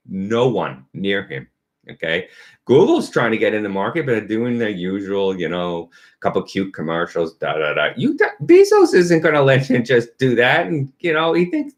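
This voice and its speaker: A man giving a casual, sarcastic opinion monologue about a company, laughing at his own points. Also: medium pitch. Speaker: company commentator.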